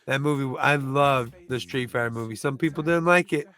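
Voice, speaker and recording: A man's voice: medium pitch, normal speed, a bit bright. A man who reviews movies chats casually through a countdown, rambling loosely, restarting and groping for names.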